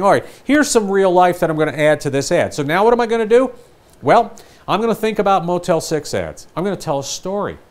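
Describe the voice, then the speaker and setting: An older man leads a sales training session with a lively, swooping delivery. His voice sits a bit high for a man. He acts out what customers and announcers say as he teaches. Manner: animated, acts out customer and ad lines.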